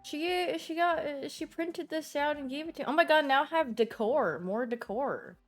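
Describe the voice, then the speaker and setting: Chatty young woman streamer, slightly high voice. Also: normal speed, faint music behind. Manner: animated storytelling with laughs and squeals. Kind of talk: casual chat stream.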